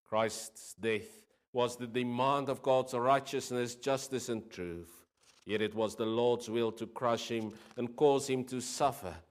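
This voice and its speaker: A man delivers a sermon at an unhurried, measured pace in a mid-range voice. His voice rises with urgency on key phrases and then sinks low and quiet to close them. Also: steady tone. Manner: earnest, swelling then dropping on key phrases. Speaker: preacher.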